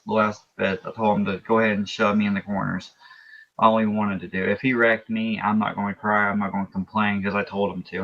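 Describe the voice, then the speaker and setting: A low-pitched man in a post-race interview, rambling through his race tactics with plenty of restarts. The audio is dull and lo-fi. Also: fairly bright tone. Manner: rambling, explains at length with restarts. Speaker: race driver.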